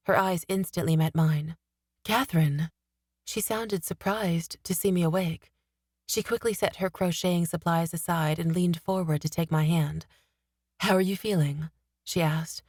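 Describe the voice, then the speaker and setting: A woman narrating a fantasy novel in the first person, steady and expressive, on a studio mic. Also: on the low side, no room sound. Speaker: audiobook narrator.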